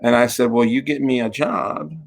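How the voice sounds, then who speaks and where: A man's voice: mid-range voice, normal speed, gravelly. Host, male, middle-aged, campy raconteur with a chatty storytelling delivery. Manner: campy, laughing, animated storyteller. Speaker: talk show host. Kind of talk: casual storytelling chat.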